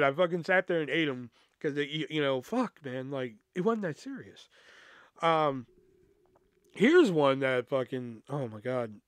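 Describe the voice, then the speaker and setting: A man's voice: fairly high pitch, very animated, measured pace, no room sound, studio quality. A man hosting a podcast, telling work stories in a casual, profane, laid-back way. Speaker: podcast host. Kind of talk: casual storytelling.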